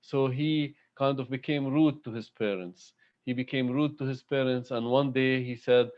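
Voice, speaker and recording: A man giving a devotional talk at an online spiritual gathering, speaking in a halting, heartfelt way with many pauses and fillers. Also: mid-range voice, fairly even intonation, highs cut off. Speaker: satsang speaker. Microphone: video call.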